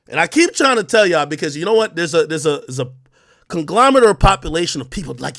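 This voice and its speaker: Brief: male streamer, higher-pitched, scornful rant, lots of swearing. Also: moderate pace, vocal fry, no echo, studio quality. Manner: mocking, profane, animated. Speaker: livestreamer.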